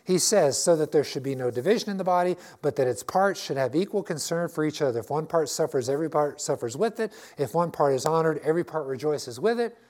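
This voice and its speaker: An older man preaching a folksy sermon in a church, joking and checking in with his congregation. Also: fairly high pitch. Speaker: pastor. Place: church sanctuary.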